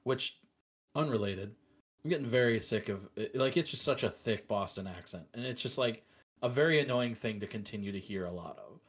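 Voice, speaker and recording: A man co-hosting a podcast in casual chat, animated and opinionated, with frequent fillers. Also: on the low side, a little fast, husky. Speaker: podcast co-host.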